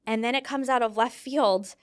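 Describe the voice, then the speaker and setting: Earnest young woman guest, smooth and bright-toned, animated storyteller. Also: fairly high pitch, normal speed. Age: young adult. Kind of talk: casual heartfelt conversation.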